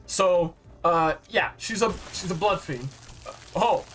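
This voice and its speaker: A man recapping a story game in a rambling, excitable, slangy way, full of fillers and asides. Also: high-pitched, a little slow, soft background music. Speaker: game reviewer.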